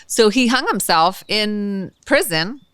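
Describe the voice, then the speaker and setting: A woman prosecutor telling a case story in a casual, animated way, laughing and acting out the people in it, on a filmed podcast. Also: mid-range voice, slow pace, slight background noise. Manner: animated, laughing, acts out the people in her stories.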